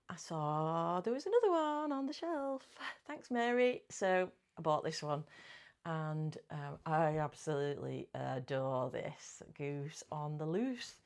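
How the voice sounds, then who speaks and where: A middle-aged woman chatting casually about her cross-stitch projects, giggly and often correcting her own words. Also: sits low. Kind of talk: casual chat.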